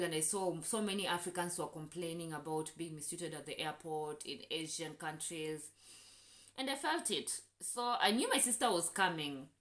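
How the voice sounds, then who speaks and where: A young Kenyan woman with a Kenyan accent, telling a travel story in an indignant, animated way for her vlog. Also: mid-range voice, roomy sound. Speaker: vlogger.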